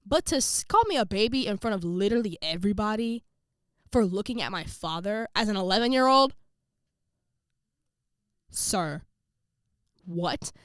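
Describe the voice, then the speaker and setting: A young woman telling a personal story to camera in a casual vlog, full of slang, quick asides and quoted voices. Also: mid-range voice, animated, no room sound, studio quality. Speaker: vlogger.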